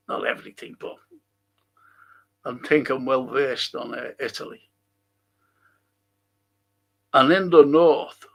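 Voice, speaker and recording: A man's voice: a little high, creaky, a bit bright. A middle-aged man with a Liverpool accent, hosting a casual live-stream chat, chatty and opinionated as he reads out viewer comments. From England. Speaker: host.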